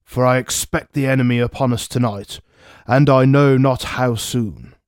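Guy reading as a stern army major, low and serious, slow. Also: no room sound, clean studio sound, natural voice. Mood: grave. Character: stern male army major giving a warning.

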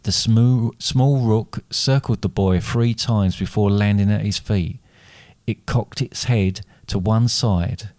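A man reading his own dark fairy tale aloud as a storyteller, with steady, deliberate narration, then chatting with his co-host. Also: fairly low pitch, no echo.

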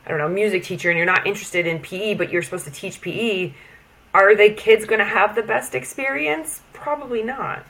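A woman's voice: mid-range voice, brisk, a bit bright. An American woman, a football player and podcast guest, explaining the sport in an enthusiastic, easy way. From United States. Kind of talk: casual interview chat.

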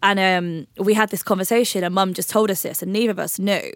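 A woman's voice: medium pitch, steady tone, fast, no echo, clean studio sound. A young woman hosting a podcast, talking frankly and casually with her guests. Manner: frank and chatty, swears casually. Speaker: podcast host.

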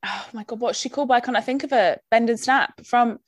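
A woman's voice: on the high side, fairly even intonation, brisk, no echo. A young woman chatting casually as a podcast co-host, telling stories expressively with gasps and laughs. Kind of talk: casual chat.

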